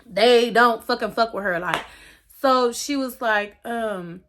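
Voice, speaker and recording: Profane, ranting young woman with a bright voice. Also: on the high side, slow pace, a little hiss or hum. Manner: profane, animated rant with many fillers. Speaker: vlogger. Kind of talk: casual storytime rant.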